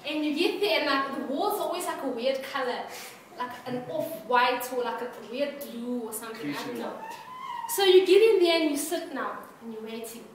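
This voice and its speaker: Lively woman preacher, high voice, quizzing the congregation, recorded from far off in an echoey church hall. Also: moderate pace. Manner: playful, asks the congregation questions, laughs often. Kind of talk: interactive sermon. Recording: echoey hall, distant mic, background hiss.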